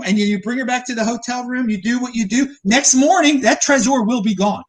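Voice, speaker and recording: A man hosting a casual podcast, joking excitably and stumbling over his words. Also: very high voice, a little fast, few pauses. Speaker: host.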